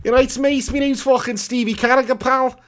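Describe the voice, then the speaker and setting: A man's voice: steady tone, fast, a bit bright. Man putting on a sweary Scouse lad. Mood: ranting. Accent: Scouse (put on). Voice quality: high, exaggerated, coarse. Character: sweary Liverpool lad ranting about football.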